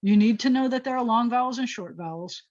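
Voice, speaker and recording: A woman's voice: a little high, a little fast, darkish tone, dull audio. A woman rabbi teaching a Hebrew class online, explaining step by step in a chatty way and thinking aloud as she goes. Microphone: video call.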